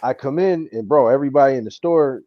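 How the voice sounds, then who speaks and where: A co-host with a New York accent tells a story energetically in a casual chat, acting out what other people said. He's a fast talker with a medium-pitched voice, and the recording has no room sound but a dull lo-fi quality.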